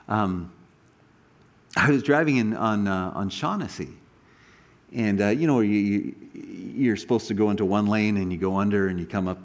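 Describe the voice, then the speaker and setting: A man preaching a sermon, telling stories animatedly with frequent restarts and asides. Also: fairly low pitch. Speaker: pastor.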